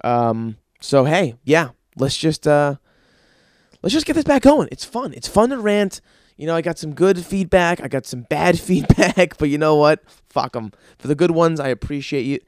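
A young male podcast host rants by himself, crude and rambling, leaning on lots of fillers. He sounds a little high and sing-song at a normal speed. The studio-quality recording has no echo.

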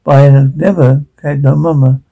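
An overwrought faded actress with a Southern drawl, as a man plays her. She milks every line for drama. The voice stays husky and gravelly underneath. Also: fairly high pitch, fairly even intonation, moderate pace, warm tone, rough recording. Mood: melodramatic. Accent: American Southern. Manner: melodramatic, overwrought. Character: theatrical faded actress, woman, melodramatic.

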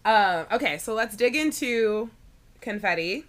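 A woman's voice: fairly high pitch, lively intonation, a little slow, fairly bright tone. A woman in her twenties co-hosting a podcast, chatting casually with frequent fillers and giggles. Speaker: podcast co-host. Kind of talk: casual chat.

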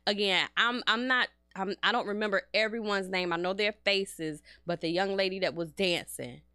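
A woman co-hosting a podcast, chatting casually and telling animated, laughing stories. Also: medium pitch, normal speed, clear, resonant tone, no echo, studio quality. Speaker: podcast co-host. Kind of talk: casual chat.

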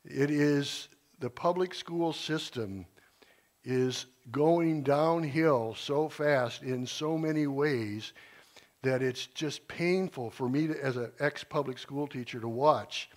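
A man's voice: mid-range voice, slow. A retired teacher in his sixties giving an informal church talk, earnest and rambling, with frequent restarts. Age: 60s.

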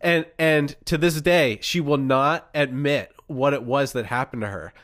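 Lively young man telling a ghost story. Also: mid-range voice, a little slow, no room sound. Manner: animated storyteller, acts out voices in quotes. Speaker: podcast co-host. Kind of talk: casual chat, telling a personal ghost story. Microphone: remote call.

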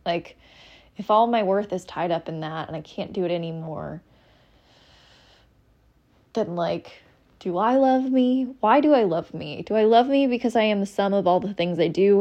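A woman's voice: lowish voice, moderate pace, warm tone, lo-fi sound. A young adult woman hosting a solo podcast, talking candidly and rambling, with frequent ums and restarts. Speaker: podcast host. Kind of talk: casual solo podcast monologue.

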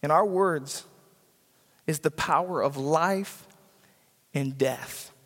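Speaking slowly in a fairly high, fairly bright voice, this man preaches as a pastor in a church sanctuary. He repeats key lines for emphasis and performs the voices of those he quotes, with church hall reverb audible throughout.

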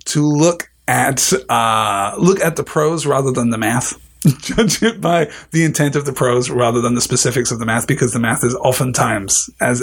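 Man, husky voice, fairly high, thoughtful live-stream host, reading out comments. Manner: thoughtful, discursive, reads out listener comments. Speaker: podcast host. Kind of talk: live-streamed book discussion.

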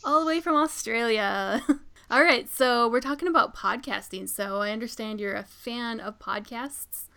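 A woman's voice: a little high, moderate pace, gravelly, pushed and bright, smooth. A woman hosting a podcast interview, upbeat and laughing easily between short encouraging replies. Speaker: podcast host.

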